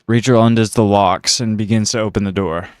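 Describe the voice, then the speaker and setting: Smooth, low-voiced male narrator. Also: brisk, no echo, studio quality. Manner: matter-of-fact, steady narration. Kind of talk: reading a comedic script aloud.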